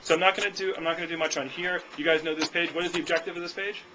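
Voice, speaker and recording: Fast-talking young man coaching sales reps. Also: fairly high pitch, a crowd in the background, poor audio. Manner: fast, energetic, keeps tagging "okay?". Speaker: sales trainer. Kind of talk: sales training demo.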